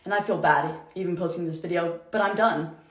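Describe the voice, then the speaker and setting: A woman's voice: lowish voice, fairly quick. A young woman who is an influencer, angrily ranting and swearing through a storytime video. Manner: angry, profane, emotional rant. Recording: echoey room.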